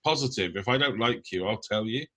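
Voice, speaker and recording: A man's voice: fairly low pitch, fairly quick, fairly bright tone. A young man from the UK, co-hosting a podcast in casual, blunt chat full of ums. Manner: blunt, rambling with many ums. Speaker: podcast co-host.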